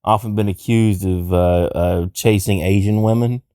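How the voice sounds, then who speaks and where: Low-voiced man teasing deadpan. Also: normal speed, no room sound, clean studio sound. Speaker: podcast co-host. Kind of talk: casual podcast chat.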